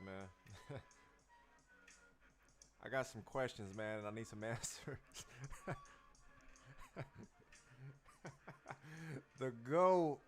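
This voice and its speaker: A man's voice: medium pitch, a bit bright. A man hosting a casual livestream as a dance teacher, talking loosely in slang to his viewers and repeating his phrases.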